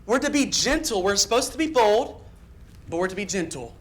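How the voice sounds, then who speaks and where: A man preaching a sermon in a church, speaking earnestly, with quick emphatic bursts and repeated phrases. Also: high voice, sing-song. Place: church sanctuary.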